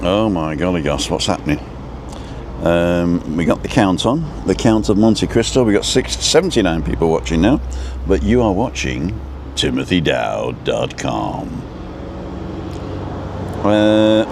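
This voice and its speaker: A low-voiced man hosts a relaxed live stream outdoors at a roadside food stop. He rambles and greets viewers by name. Faint traffic and building work can be heard behind him. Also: measured pace. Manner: rambling, reads out viewer names. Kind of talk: casual live-stream chat.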